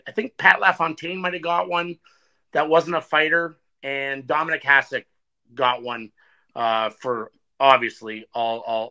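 A man's voice: medium pitch, bright, forceful tone. A man, a podcast guest and former hockey player, recalling his career in an easygoing, matter-of-fact way. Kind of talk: casual podcast interview.

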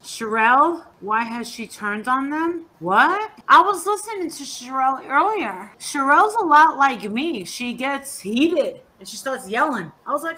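A woman's voice: high-pitched, animated, normal speed, hardly any pauses, bright, forceful tone, slight background noise. A woman speaking as a guest on an online panel. She talks in a confrontational, scolding way. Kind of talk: heated online panel talk.

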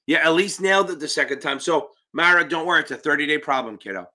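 A man's voice: fairly high pitch, fast, sharp tone. A man hosting a live-stream Q&A as an exam prep tutor, talking in a brash, profane and blunt way, with emphatic interjections.

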